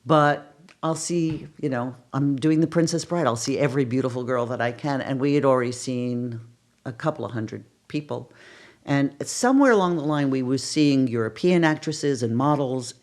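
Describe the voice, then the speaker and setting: Her bass voice moves at a moderate pace here. The older casting director recounts stories in a podcast interview, performing the quoted exclamations with animation.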